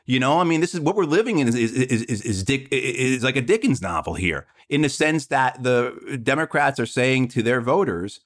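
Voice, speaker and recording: A man's voice: medium pitch, animated, normal speed, few pauses. A man, a political candidate, talking earnestly in a podcast conversation and often repeating words as he builds his point. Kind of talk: conversational interview talk.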